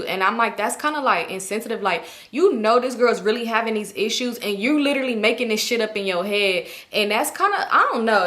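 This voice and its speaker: Bright-voiced woman telling a story. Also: a little high. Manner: candid, profane, retells with quoted dialogue. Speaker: storytime YouTuber. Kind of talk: casual storytime.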